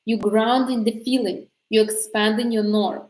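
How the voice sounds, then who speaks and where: A woman's voice: a little high, fairly even intonation, normal speed, a little mellow, roomy sound, low-quality recording. A woman coaching casually on manifesting, chatty with many fillers and restarts. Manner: chatty, frequent fillers and self-corrections, laughs often. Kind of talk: casual advice talk.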